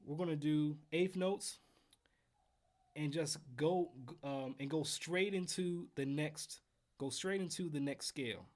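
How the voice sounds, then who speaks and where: A man hosting a casual livestream trumpet lesson from home, counting in exercises and chatting with viewers in a relaxed way. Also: a little high, a little slow. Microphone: headphones while streaming.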